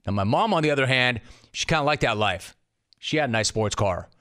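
A middle-aged man hosts a sports radio show, ranting loudly and spinning stories with acted quotes. His voice sits at an ordinary male pitch. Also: expressive, fairly quick. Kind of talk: animated sports radio monologue and interview.

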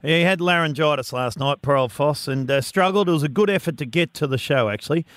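A man's voice: fairly high pitch, fast talker, fairly bright tone, no room sound. A man co-hosting a radio show, reading news and joking with his colleagues. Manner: joking, mock-outraged. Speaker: radio co-host. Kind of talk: casual radio banter.

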